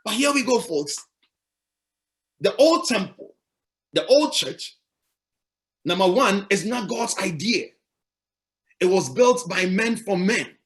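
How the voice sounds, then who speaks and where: A man's voice: high-pitched, sing-song, slow, long pauses, fairly bright tone. A male pastor preaching a sermon, emphatic and repetitive, asking the congregation rhetorical questions.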